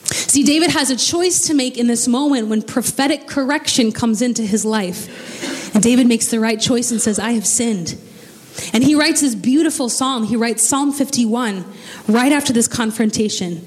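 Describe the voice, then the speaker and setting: A woman's voice: fairly high pitch, moderate pace. A woman preacher delivering a sermon, telling the story with casual, joking asides. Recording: long reverb of a large hall.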